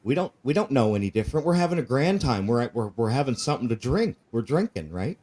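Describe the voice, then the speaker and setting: A man's voice: mid-range voice, sing-song, fast, darkish tone. A man telling his personal testimony in an earnest, candid way, often repeating himself and asking "right?". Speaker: guest sharing his life story.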